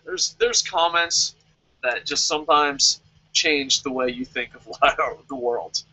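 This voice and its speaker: A man's voice: on the high side, slow, bright, forceful tone, low-quality recording. A man giving a casual, profane, joking rant as a show reviewer and reading viewer comments aloud. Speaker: wrestling review vlogger.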